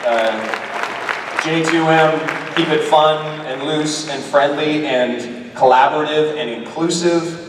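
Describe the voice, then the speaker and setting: A man on a convention panel, an actor talking about his work in casual, animated, rambling chat full of restarts. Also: fairly high pitch, slow pace, some chatter behind, slight background noise. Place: large convention hall with audience. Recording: echoey hall recorded from far off.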